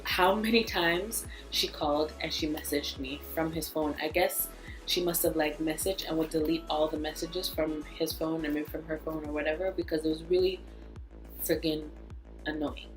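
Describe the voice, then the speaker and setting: A young woman with a lowish voice tells her story straight to camera, blunt, profane and fired up. The room rings with echo, and faint music runs behind her. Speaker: vlogger. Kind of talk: storytime vlog.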